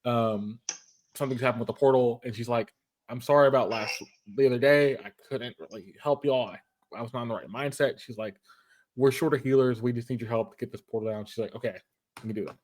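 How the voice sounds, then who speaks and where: A man's voice: mid-range voice, fast talker. A man hosting a casual show, retelling an anime episode in a rambling way with many restarts. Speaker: podcast host.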